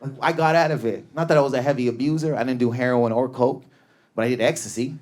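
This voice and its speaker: This male comic rips through a club set at a fast clip, full of furious energy. He yells often, his voice spiking up in pitch.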